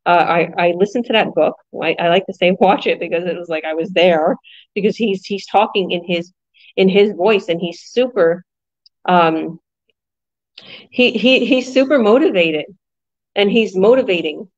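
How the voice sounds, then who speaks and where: A woman's voice: on the low side, moderate pace, dry recording, highs cut off. A woman business coach talking energetically in a casual group chat, rambling with fillers and restarts. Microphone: video call.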